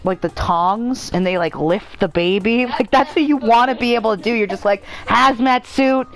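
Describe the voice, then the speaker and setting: A woman's voice: mid-range voice, normal speed, rough recording. A young woman hosting a gaming stream in casual chat, giggling as she tells funny family stories. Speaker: gaming channel host. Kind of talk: casual chat over a game. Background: game music.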